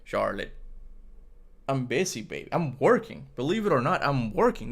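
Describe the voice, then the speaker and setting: A man's voice: mid-range voice, big pitch swings, normal speed, creaky, breathy edge. A man streaming from his home desk, chatting casually and playfully, slipping into baby talk with his cat. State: out of breath. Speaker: gaming streamer. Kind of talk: casual livestream chat. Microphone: desk mic.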